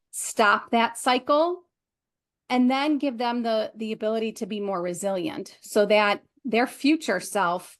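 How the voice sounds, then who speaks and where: A middle-aged woman speaks in a mid-range voice, telling her story in a calm, reflective way. She pauses often and fills the gaps with ums as she works through her thoughts. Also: mid-range voice. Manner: measured and reflective, with frequent ums. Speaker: guest, clinical therapist and coach. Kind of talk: interview answer, personal story.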